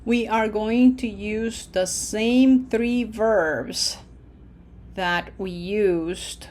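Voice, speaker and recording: A woman teaching a language lesson over slides, patient and deliberate, checking in often and stretching out her vowels when she models words. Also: medium pitch, a little mellow, a little hiss or hum. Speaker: Spanish teacher.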